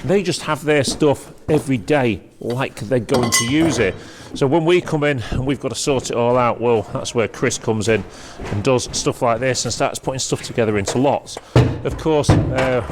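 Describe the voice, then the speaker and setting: On a chatty stroll through a large industrial workshop, a man points out the pieces headed for auction. His voice is mid-range, and the recording is very noisy.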